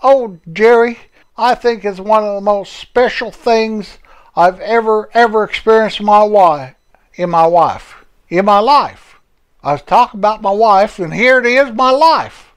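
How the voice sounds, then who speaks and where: A man's voice: high-pitched, measured pace, clean tone, pitched above the performer's own voice. A man putting on a folksy old country fellow. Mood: cheerful. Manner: rambling, homespun, self-correcting.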